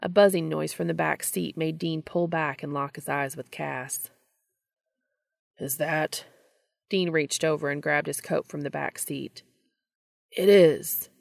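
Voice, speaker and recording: Low gravelly woman reading a story. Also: fairly even intonation, normal speed, hardly any pauses, no echo, studio quality. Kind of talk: reading fan fiction aloud.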